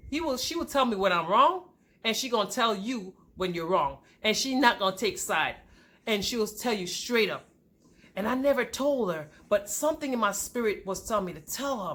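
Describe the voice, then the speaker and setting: A woman speaking straight to her viewers about her own life, candid and informal. Her voice sits in a middle register but jumps up and drops down sharply as she grows emotional. She talks in a loose, conversational way, calling her audience "y'all.". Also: a bit bright. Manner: pitch and volume swing widely with emotion. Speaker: vlogger. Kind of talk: personal storytelling to camera.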